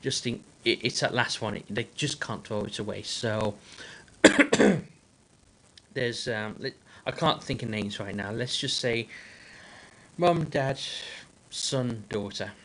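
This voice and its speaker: Male streamer, rambling joke-teller, halting delivery, average pitch. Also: fairly bright tone. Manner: halting, full of fillers and restarts. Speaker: livestream host. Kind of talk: casual joke-telling on a livestream.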